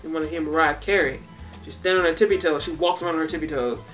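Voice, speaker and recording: A woman's voice: low-pitched, rapid-fire, distant mic, soft background music. A young woman vlogger answering viewer questions in a casual, laid-back way, breaking off to talk to her baby. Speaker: beauty and hair vlogger. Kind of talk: casual Q&A vlog.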